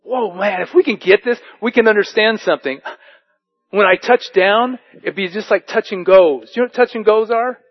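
A male pastor preaching, his voice sitting a bit above the usual male range. He moves between slow scripture readings and lively storytelling. The recording sounds muffled and lo-fi. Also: high-pitched. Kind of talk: sermon.

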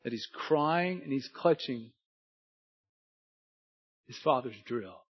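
A man preaching a sermon, telling a story and moving between hushed and emphatic delivery. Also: medium pitch, lively intonation, slow pace, slightly rough, dull audio.

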